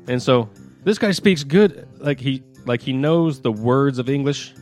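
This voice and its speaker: A man's voice: medium pitch, lively intonation, a little slow, a little mellow, faint music behind. A man in casual podcast chat, telling a rambling story and laughing mid-story.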